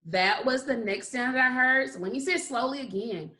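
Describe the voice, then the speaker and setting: A woman teaching a phonics lesson to young children, speaking in a slow, encouraging way and stretching out the sounds of words. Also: sits high, sharp tone. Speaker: kindergarten teacher.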